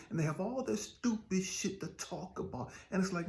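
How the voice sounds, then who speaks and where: A middle-aged man giving an impassioned motivational monologue. He is blunt and profane, repeats lines for emphasis, and swings between low murmurs and fired-up outbursts. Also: sing-song, moderate pace, a little mellow, reverberant. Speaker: motivational speaker.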